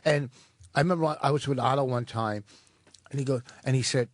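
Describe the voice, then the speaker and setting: A man in casual radio chat, crude and quick-witted, laughing between remarks. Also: medium pitch, dry recording.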